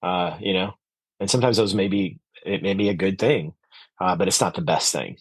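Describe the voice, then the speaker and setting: Low-pitched man, earnest guest, reflective with fillers, dry close sound. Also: normal speed, husky, no echo. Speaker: podcast guest, orchard owner. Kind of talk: conversational interview.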